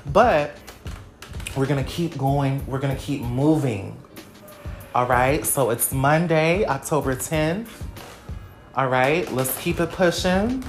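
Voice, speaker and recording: A young adult woman hosting her own podcast, talking casually and slangily, giving motivational pep talk straight to her listeners. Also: low-pitched. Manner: chatty, slangy and motivational, addresses listeners directly. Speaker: podcast host.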